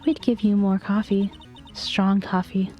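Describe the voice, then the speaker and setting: A sweet-talking hostess of a loan office, voiced by a woman, purring a soft, sugary sales pitch at a middle pitch. Faint music plays under the game reading. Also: steady tone, measured pace, natural voice. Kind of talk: reading game dialogue aloud.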